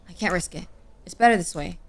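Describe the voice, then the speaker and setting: A woman voicing a shy, clingy young male creature with cat ears, speaking softly and hesitantly with stammers. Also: on the low side, fast, lightly acted.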